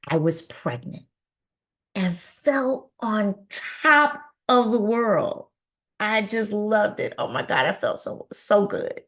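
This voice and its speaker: A woman giving a keynote talk, telling a personal story in an animated way and acting out the dialogue. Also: mid-range voice. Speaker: keynote speaker.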